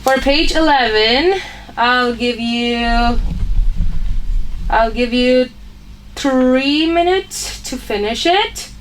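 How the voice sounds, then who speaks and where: Female teacher, unhurried lesson delivery with lots of "okay?", recorded a bit off-mic. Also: high voice, far from the mic, poor audio. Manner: patient, repeats points with frequent "okay?" checks. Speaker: English phonics teacher. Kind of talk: online grammar lesson.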